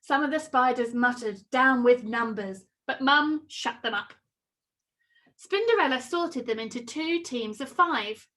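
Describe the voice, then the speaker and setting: A woman reading a children's story aloud with expressive, sing-song storytelling. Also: high-pitched, measured pace.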